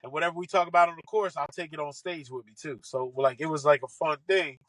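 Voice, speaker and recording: An excitable man tells comic stories as a podcast guest, slipping into the voices of the people in them. His voice sits a bit high and rings bright and forceful. The sound is close and dry, with no room in it. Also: fast, dry recording, rough recording. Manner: animated, excitable, acts out quoted lines. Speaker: podcast guest, comedian and golf broadcaster. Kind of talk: casual comic storytelling.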